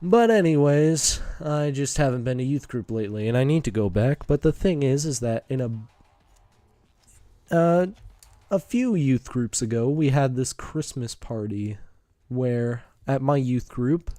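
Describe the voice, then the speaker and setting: A man's voice: medium pitch, animated, measured pace, dark tone, dry recording. A teenage boy streamer telling a casual, rambling story, full of fillers and asides.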